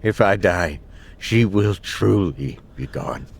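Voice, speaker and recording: An actor playing a guilt-ridden older widower in a game, speaking a slow, somber confessional monologue. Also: male voice, sits low, lively intonation, gravelly, full character voice. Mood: despairing. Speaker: game character narrating. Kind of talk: game narration.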